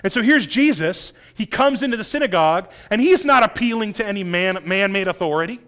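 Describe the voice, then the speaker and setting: A man with a notably high voice preaches a sermon through a passage. He leans hard on key points and keeps asking his listeners rhetorical questions. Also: lively intonation, brisk, sharp tone, clean tone. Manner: emphatic, asks rhetorical questions, acts out quotes. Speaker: pastor. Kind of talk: expository sermon.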